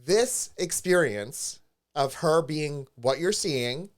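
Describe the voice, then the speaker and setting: A man's voice: on the high side, animated, slow. A man co-hosting a podcast, telling a story animatedly in casual chat and acting out the voices of the people he quotes. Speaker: podcast co-host. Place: studio with a live stream.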